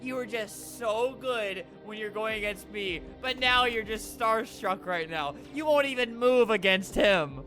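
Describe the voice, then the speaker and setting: A man giving excitable gameplay commentary, yelling at other players and tossing out quick jokey asides. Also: high voice. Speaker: gaming video creator. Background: faint game music.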